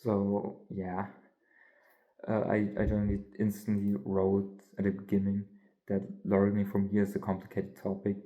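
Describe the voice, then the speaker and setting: A man's voice: deep voice, warm tone, poor audio. A young man, a college student, talking candidly in a rambling, filler-heavy way with some yawning. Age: young adult. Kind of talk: casual vlog monologue.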